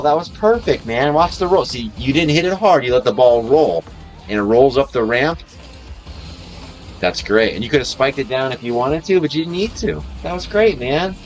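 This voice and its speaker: A young father streams a car game with his son, commentating casually in a mid-range voice with lively intonation at a moderate pace. He encourages and coaches the boy while game music and car sounds play underneath.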